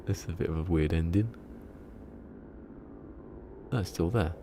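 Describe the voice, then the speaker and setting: A man's voice: low voice, normal speed, background noise. A man streaming a game and chatting casually to his viewers, rambling and laughing at his own jokes. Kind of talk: casual live-stream chat.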